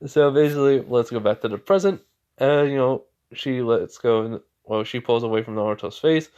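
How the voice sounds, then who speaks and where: A man's voice: mid-range voice, moderate pace, darkish tone, smooth, muffled recording. A man casually telling a made-up story off the cuff, rambling with lots of "like" and "you know". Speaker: fan fiction storyteller. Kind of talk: casual improvised story narration.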